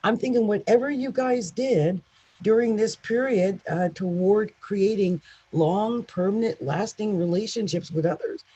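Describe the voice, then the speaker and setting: A woman's voice: medium pitch, measured pace, warm tone, husky, lo-fi sound. A woman astrologer giving a casual, chatty horoscope reading with emphatic asides. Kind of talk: casual monthly horoscope talk.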